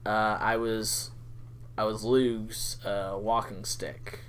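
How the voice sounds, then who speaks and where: A man voicing a sentient male walking stick that speaks slowly and haltingly, proud and mournful about its lost master. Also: fairly low pitch, level tone, fairly bright tone, slight background noise. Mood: solemn, wistful.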